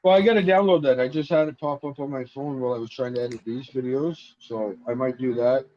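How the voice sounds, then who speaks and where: A Canadian man from Ontario telling stories in a casual chat, animated, acting out the voices of people in his stories. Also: mid-range voice, fast. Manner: animated storyteller, acts out dialogue. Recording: muffled lo-fi audio with faint noise.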